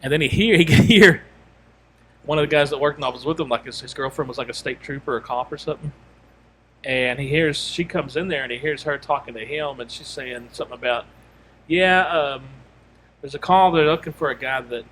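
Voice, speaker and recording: A man's voice: medium pitch, fast, fairly bright tone, slight background noise. A man co-hosting a podcast, telling a long story in casual chat and rambling through quoted asides and restarts. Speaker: podcast co-host.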